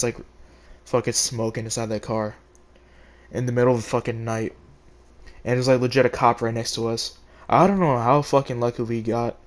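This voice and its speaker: Teen guy rambling thru a story time vlog, swears a lot, says like every other word. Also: medium pitch. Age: teens. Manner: rambling, profane, full of likes and rights. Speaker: vlogger telling a story.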